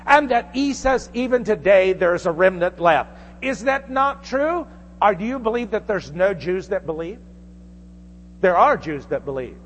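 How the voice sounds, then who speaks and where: A man's voice: high-pitched, long reverb tail, a little hiss or hum. A man preaching a sermon with fervent emphasis, asking the congregation rhetorical questions.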